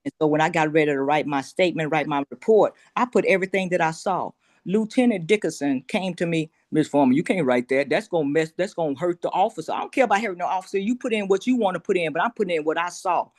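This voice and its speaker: A woman's voice: fairly low pitch, quick pace, a little mellow, dry recording, clean studio sound. A woman, formerly a correctional officer, telling a plain-spoken personal account and acting out the dialogue.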